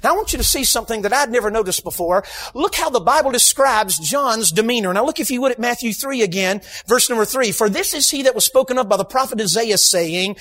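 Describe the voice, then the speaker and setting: High-voiced preacher, emphatic. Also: male voice, lively intonation, quick pace. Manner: emphatic, shouts for emphasis, humorous asides. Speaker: guest preacher. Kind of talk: sermon. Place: church sanctuary.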